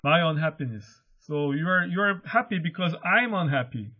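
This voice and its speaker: Teacher explaining a play line by line. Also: male voice, animated, moderate pace. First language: Korean. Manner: paraphrases quotes in simple words, lifts his pitch when reading lines aloud. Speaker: high school English teacher. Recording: dull lo-fi recording.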